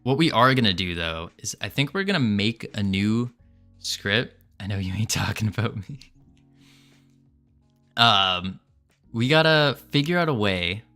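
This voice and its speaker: A man with a lower, bright and forceful voice chats slowly and playfully on a livestream. He jokes with viewers and laughs often, with faint music playing behind him. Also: expressive. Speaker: game developer streamer. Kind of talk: casual livestream chat.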